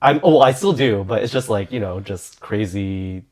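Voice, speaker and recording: A man's voice: on the low side, moderate pace, darkish tone. A young man co-hosting a podcast, speaking casually and a little hesitantly. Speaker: podcast co-host. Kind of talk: casual group chat.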